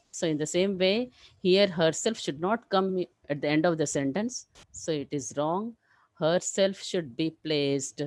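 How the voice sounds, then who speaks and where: Woman, grammar teacher, lowish voice, dry close sound, checks "clear?" often. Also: no room sound, poor audio. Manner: explains step by step, asks "clear?" often. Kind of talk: live online grammar class.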